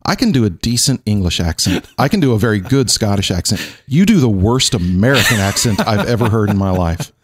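A pastor hosting a relaxed podcast, his voice sitting on the low side. He is playful and bantering, often stumbling and restarting his sentences. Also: fairly quick, few pauses, slightly rough. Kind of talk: casual conversation.

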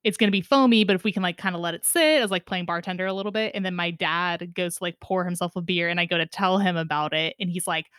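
A woman's voice: lowish voice, fast, hardly any pauses, clear, resonant tone, no echo, studio quality. Laughing woman telling a story. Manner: laughs often, relaxed storytelling with fillers. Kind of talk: casual chat.

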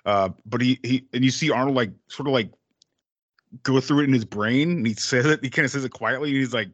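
A man's voice: mid-range voice, fairly quick, no echo, muffled recording. Rambling, cursing man talking movies. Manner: rambling, profane, quotes lines in playful voices. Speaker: podcast co-host. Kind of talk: casual movie discussion.

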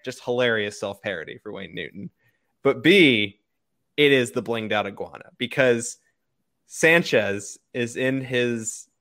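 A man's voice: medium pitch, unhurried, pushed and bright, no echo, studio quality. A man co-hosting a casual film podcast, joking around in a loose way with many fillers. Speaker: podcast co-host.

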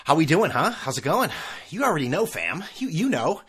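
A man's voice: a little high, very animated, a little fast, a bit bright, breathy edge. A middle-aged man hosting his own podcast, rambling casually with sarcastic, self-mocking asides. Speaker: podcast host. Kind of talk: casual solo podcast rant.

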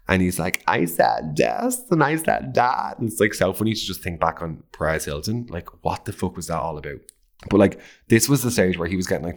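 A man's voice: low voice, a bit bright. An Irish man hosting a podcast, chatting in a camp, gossipy way, swearing freely and gushing over pop culture. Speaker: podcast host. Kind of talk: casual pop-culture chat.

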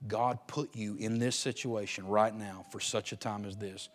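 A man preaching a sermon to his church. He swings from shouted, drawn-out lines to quiet, fast, joking asides. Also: on the low side, fairly even intonation. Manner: folksy, joking. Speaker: pastor. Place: church sanctuary.

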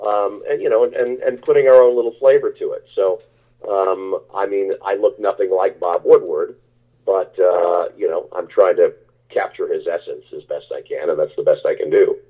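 A man's voice: sits low, steady tone, normal speed. A man, an actor, answering interview questions in a rambling, casual way with many restarts. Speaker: actor guest. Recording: tinny phone-like line.

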